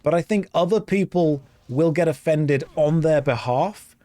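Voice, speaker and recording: An English man rambles and jokes as he plays an online game, thinking aloud between moves. His voice sits a little high for a man. The sound is close and dry. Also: unhurried, warm tone, no echo. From England. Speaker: streamer playing an online game. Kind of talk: casual gameplay chat.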